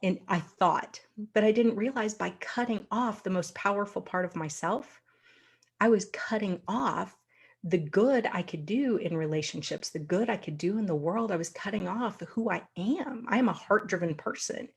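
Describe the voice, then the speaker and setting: A woman's voice: medium pitch, normal speed, vocal fry, breathy edge. A woman coach talking in an earnest, reflective way, often laughing lightly mid-thought. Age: adult with a daughter. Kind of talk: casual conversation.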